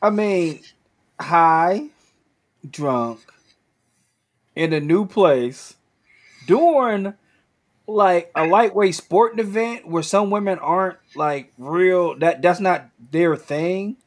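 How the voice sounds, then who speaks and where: Podcast guy thinking out loud, slow and halting, keeps restarting. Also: sits high. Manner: halting, repeats himself while thinking aloud. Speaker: podcast co-host. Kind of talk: casual chat.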